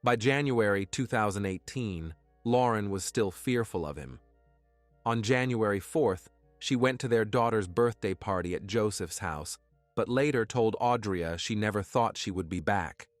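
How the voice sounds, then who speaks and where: A man giving scripted true-crime narration in a measured, even way. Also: lowish voice, dry recording, faint music behind.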